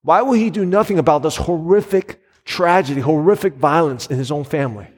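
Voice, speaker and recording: A male pastor in his thirties delivers an earnest, conversational sermon, often dropping in fillers as he talks. His voice sits fairly high for a man. The sound rings out with a long reverb tail from the church hall. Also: fairly quick, slightly rough. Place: church sanctuary.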